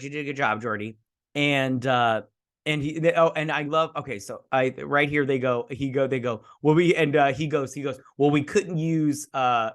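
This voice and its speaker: A man hosting a show, excitedly recapping an episode like a gushing fan, with lots of fillers and restarts. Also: fairly high pitch. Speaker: host.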